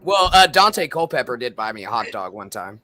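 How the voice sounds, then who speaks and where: A man's voice: mid-range voice, very animated, a little fast, bright, forceful tone, a little hiss or hum. A man in casual podcast banter, teasing and joking with the guest. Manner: teasing, jokey.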